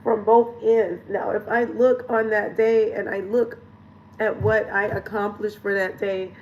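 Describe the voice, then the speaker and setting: A woman's voice: medium pitch, little pitch movement, a little slow, muffled recording, slight background noise. A woman lifestyle coach talking frankly and chattily straight to her viewers in a casual vlog, swearing now and then. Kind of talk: candid direct-to-camera vlog talk.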